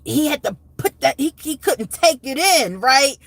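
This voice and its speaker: A woman's voice: high voice, lively intonation, unhurried, vocal fry, a bit bright, dry recording. A woman hosting a casual live stream, talking in a rambling, emotional way with many restarts and asides.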